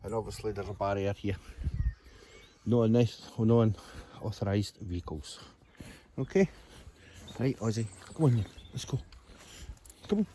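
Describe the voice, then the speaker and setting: A Scottish man narrates a relaxed walking vlog in a mellow, warm voice, rambling from one sight to the next. He is filmed outdoors on a handheld camera. Faint birdsong and outdoor sounds sit behind him. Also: lowish voice, measured pace, long pauses, a little hiss or hum. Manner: chatty, rambling, talks to his dog. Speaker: vlogger. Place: outdoors by a reservoir.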